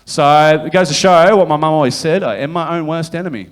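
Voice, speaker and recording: Profane man telling a story. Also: fairly high pitch. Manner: profane, rambling anecdote-telling with quick voiced quotes. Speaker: guest comedian. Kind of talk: live comedy podcast storytelling.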